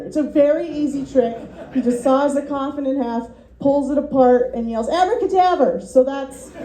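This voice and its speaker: A woman's voice: sits high, mellow, roomy sound, rough recording. A woman doing a rambling, self-deprecating stand-up set at a student showcase, full of ums and little laughs, as the class's comedy teacher.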